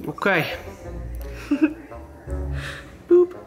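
A man's voice: very high voice, big pitch swings, extremely slow, music in the background. A man vlogging at home, casual and playful, cracking jokes and humming silly sound effects. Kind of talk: casual family vlog. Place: at home indoors.

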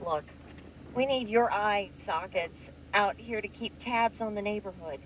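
A woman's voice: medium pitch, measured pace, slight background noise. A woman playing a dry, no-nonsense cemetery night-shift worker who takes on investigations in a horror-comedy short film.

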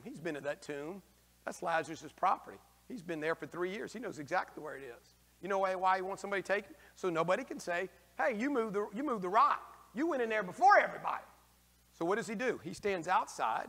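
Animated priest with a bright voice in a reverberant church. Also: male voice, high voice. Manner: animated, acts out the figures in raised voices; folksy, slangy asides. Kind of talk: lively homily with questions from the congregation.

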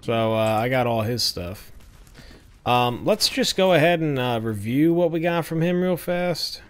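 A man's voice: mid-range voice, expressive, measured pace, clear, resonant tone. A man streaming a game, commenting in a laid-back, chatty way and swearing casually. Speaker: gaming streamer. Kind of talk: let's-play commentary.

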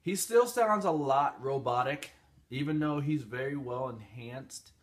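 A man's voice: mid-range voice, unhurried. A man hosting a casual tech review, chatty and rambling with fillers as he talks through phone settings. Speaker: channel host.

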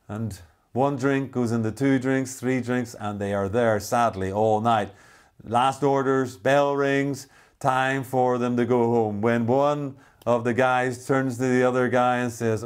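A man, preaching a sermon as a pastor, who slows down for emphasis and drops to a soft voice at key lines. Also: mid-range voice, steady tone, clean tone.

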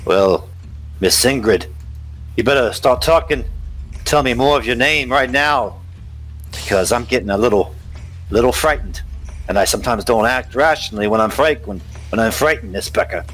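A man's voice: mid-range voice, lively intonation, normal speed, fairly bright tone, faint music behind, pitched above the performer's own voice, close to an everyday voice. A man voicing a wary, blunt American army sergeant in a tabletop game. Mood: threatening. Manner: tense, blunt, guarded.

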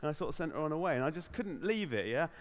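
A man with a South London accent telling stories in a stand-up comedy set, animated and prone to slipping into put-on voices. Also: on the high side, very fast. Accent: South London English. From England. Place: comedy venue with audience.

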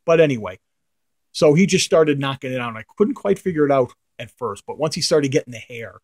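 A man's voice: medium pitch, lively intonation, brisk, a little mellow. A middle-aged man, a comic art collector, casually telling a rambling anecdote to the camera, his voice trailing off into mutters at the ends of phrases.

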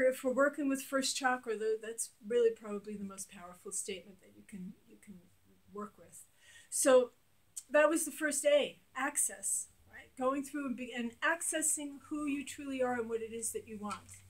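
A middle-aged woman teaching energy healing, leading a guided tapping exercise with slow repeated affirmations and gentle instructions, then explaining it in casual talk. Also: sits high.

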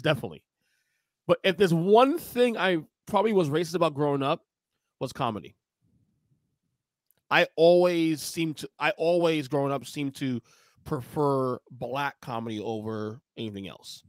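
A man's voice: a little high, moderate pace, no echo, studio quality. A man joining a casual podcast as a guest, teasing and laughing often.

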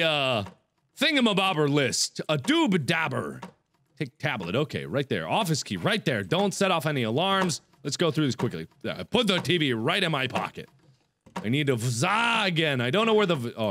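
A young man giving let's-play game commentary, swinging from muttered asides to panicked yelling. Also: fairly high pitch, slight background noise. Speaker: gaming video host.

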